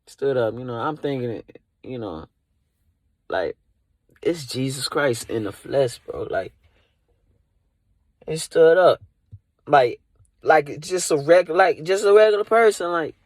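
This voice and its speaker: A man's voice: medium pitch, lively intonation, slow pace, long pauses, dry recording. A man doing improvised comedy from inside a car, rambling and leaning on "you know" and "like". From Dallas area.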